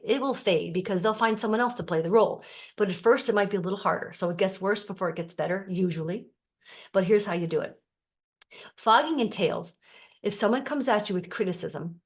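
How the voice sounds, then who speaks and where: A middle-aged woman, a life coach, talks straight to her viewers in a calm, explaining way. Her voice sits a little low, and now and then she briefly acts out the people she quotes. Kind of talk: teaching to camera.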